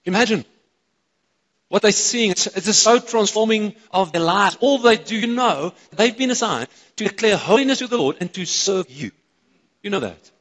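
At a moderate pace, an excitable South African pastor preaches in a church auditorium, throwing questions back at the congregation. His fairly high voice carries a long reverb through the hall.

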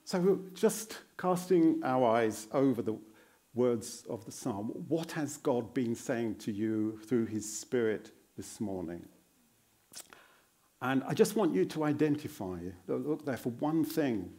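A male guest preacher delivering a sermon in a church. He speaks slowly and earnestly, and his voice rises and falls widely. He puts questions to the congregation, praises their answers like an encouraging teacher, and repeats phrases for emphasis. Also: mid-range voice, animated, mellow.

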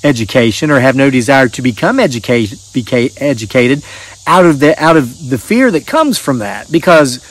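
A man's voice: medium pitch, expressive, normal speed. Folksy man, rambling host. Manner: rambling, folksy, restarts often. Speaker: channel host reading viewer stories. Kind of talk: casual chat and reading aloud.

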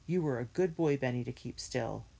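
A woman voicing a calm, responsible older brother who takes charge, in a storybook reading. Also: very deep voice, normal speed, creaky, breathy edge, full character voice. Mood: relieved.

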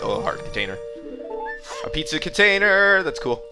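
A young Australian man giving goofy, excitable commentary while playing a video game. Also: fairly high pitch, moderate pace, long pauses, music in the background. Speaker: let's play gamer.

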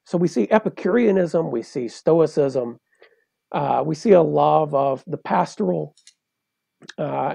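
A man's voice: fairly high pitch, vocal fry, mellow, no echo. A man, a poet and translator, explaining things step by step in a professorial way as a guest in an interview. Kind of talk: interview conversation.

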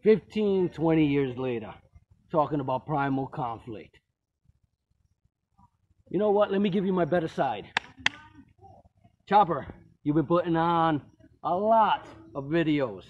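A man giving a playful shout-out message. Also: a little high, lively intonation, unhurried, long pauses, a little hiss or hum. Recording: husky tinny phone-like audio.

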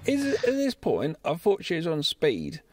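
A man's voice: fairly high pitch, moderate pace, a little hiss or hum. A man co-hosting a podcast, chatting casually and jokily about films, swearing a lot. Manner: sweary, excitable, jokey. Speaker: podcast co-host. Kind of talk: casual film chat.

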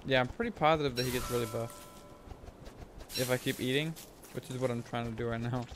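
A man casually talking through his gameplay as a streamer, rambling and thinking aloud, with sudden excited whoops. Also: medium pitch, fairly quick, background noise. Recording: game music playing under the voice. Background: game music.

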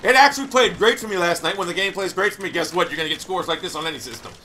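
A loud, hyper man giving boastful, trash-talking commentary over his gameplay. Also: high voice, racing, slight background noise. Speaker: gamer.

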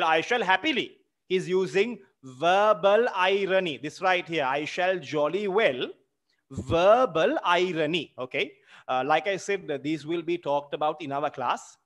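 High-voiced Sri literature teacher. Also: male voice, slow, fairly bright tone. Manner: explains terms patiently, tags lines with "okay?" and "my friend". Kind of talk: explaining a play in a seminar.

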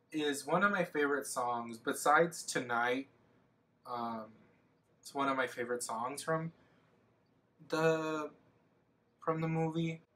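A man's voice: mid-range voice, sharp tone. A young man rambling casually in a get-ready-with-me makeup vlog, heavy on fillers and self-mocking asides. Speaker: makeup vlogger.

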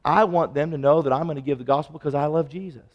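A man preaching a sermon, telling stories and acting out the dialogue, his voice swinging from loud to hushed. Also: fairly high pitch, quick pace, in a large hall, muffled recording. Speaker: pastor. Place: church sanctuary.

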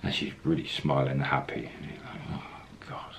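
A man's voice: rumbling low, little pitch movement, a little fast, creaky, fairly bright tone, a little hiss or hum. A man casually telling a travel story, acting out the quoted lines as he goes. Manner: anecdotal, acts out quoted lines, chuckles.

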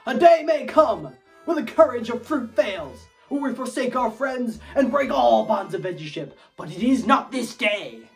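A woman's voice: fairly high pitch, sing-song, normal speed, gravelly, recorded from a distance, soft background music, voice pushed up. A woman voicing a pompous little vegetable minion general who gives a mock-epic rallying speech to troops. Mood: rousing.

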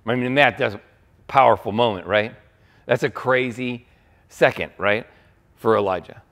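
A man, a pastor, preaching a sermon with animated storytelling, acting out quoted lines. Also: mid-range voice, moderate pace, creaky.

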